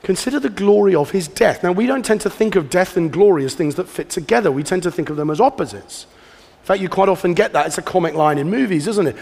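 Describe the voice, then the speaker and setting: A man's voice: sits high, expressive, brisk, creaky, a little mellow. A man preaching a sermon in a church, earnest and conversational, often asking the congregation questions. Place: church hall, livestreamed. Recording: hall reverb from a live church.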